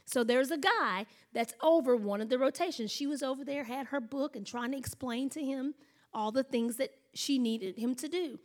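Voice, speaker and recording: High-voiced woman preaching a story sermon. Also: normal speed. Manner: storytelling, acts out quoted voices. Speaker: pastor.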